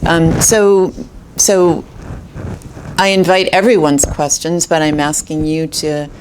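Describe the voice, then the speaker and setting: A woman moderating an academic symposium, posing a question in a halting, thoughtful way with many restarts. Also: low voice, flat delivery, noisy background.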